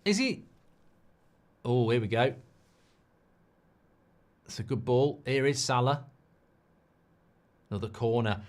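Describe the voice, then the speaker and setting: A man hosting a live football watchalong, chatty and excitable, swearing often. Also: medium pitch, slow, pauses often. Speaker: host.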